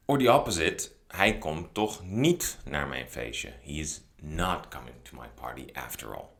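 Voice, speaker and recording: A man with a Dutch accent, a native Dutch speaker, calmly explaining a language lesson and acting out example sentences. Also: low voice. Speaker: language teacher.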